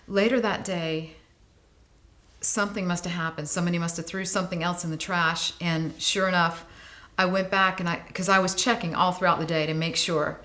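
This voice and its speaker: A woman's voice: fairly low pitch, moderate pace. A woman in her late forties, a guest on an interview show, telling a story with lots of feeling, her voice rising and dropping with the tale. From United States. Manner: animated, vivid storyteller, voice rising and falling with the tale. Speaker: guest, animal welfare advocate.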